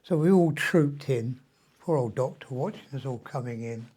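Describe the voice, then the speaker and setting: A man's voice: mid-range voice, expressive, moderate pace, dark tone, husky. A man, rambling through a personal video diary with mild swearing and frequent ums, sounding weak and short of breath from illness. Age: 70s. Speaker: vlogger.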